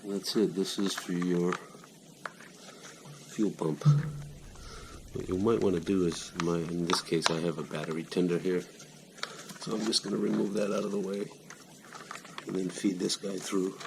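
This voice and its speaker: A man's voice: sits low, level tone, normal speed, gravelly. A middle-aged man working on his motorcycle in his home garage, breathing hard as he talks through each step in a plain, hands-on way. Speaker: home mechanic. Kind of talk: casual how-to demonstration. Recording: noisy garage recording.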